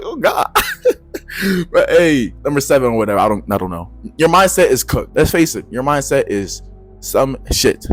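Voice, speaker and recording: A young man giving a profane, slangy advice rant to camera, swinging between low mutters and loud shouts. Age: young adult. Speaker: vlogger.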